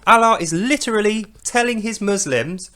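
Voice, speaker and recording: A man hosting a podcast, giving mocking commentary on a scripture reading. He is sarcastic, swears freely and slips into loud mock voices. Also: high voice, normal speed.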